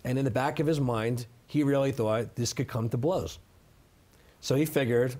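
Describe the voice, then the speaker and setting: A man's voice: medium pitch, normal speed, a little mellow. A middle-aged man giving a sit-down interview, telling his side of a story emphatically and often adding "okay?" to drive points home. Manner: emphatic, repeats "okay?" for effect. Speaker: interview guest.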